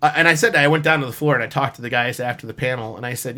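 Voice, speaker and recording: A man on a casual podcast chat, telling animated stories full of fillers and laughs. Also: mid-range voice, rapid-fire. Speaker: podcast co-host, costumer.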